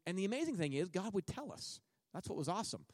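A man's voice: high voice, very animated, fast talker, darkish tone, no room sound, clean studio sound. Joking missionary man telling a story. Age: middle-aged. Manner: joking storyteller, acts out his own and others' words. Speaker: missionary speaking at a church. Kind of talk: sermon testimony.

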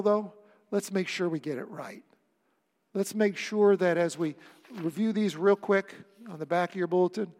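High-voiced man preaching in a reverberant church. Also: gravelly. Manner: conversational, joking asides to the congregation. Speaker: pastor. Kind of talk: sermon and prayer. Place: church sanctuary.

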